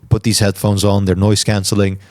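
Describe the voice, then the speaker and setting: Calm, deliberate podcast host, lowish voice. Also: male voice. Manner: deliberate, reflective, carefully articulated. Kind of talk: solo Q&A talk.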